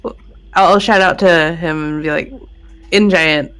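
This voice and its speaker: A woman's voice: low voice, unhurried, a bit bright. A woman playing a tabletop game, talking politely and a little hesitantly. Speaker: player.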